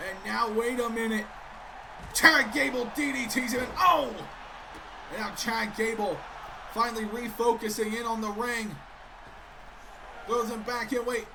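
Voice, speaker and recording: A man doing excitable play-by-play commentary of a wrestling video game, keeps breaking off with sudden interruptions. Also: very high-pitched, unhurried, vocal fry, long pauses, background noise.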